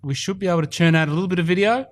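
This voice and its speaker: A man's voice: sits high, very fast. A man hosting a casual podcast in an indoor golf studio, chatty and rambling with fillers. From Australia. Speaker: podcast host.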